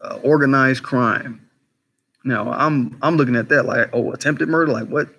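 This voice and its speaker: A man hosts a loose, profane livestream commentary, his voice sitting at an ordinary middle pitch. He talks in an animated, conversational way and keeps firing off rhetorical questions. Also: moderate pace, gravelly, breathy edge. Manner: greets live chat viewers by name mid-talk. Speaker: commentary channel host.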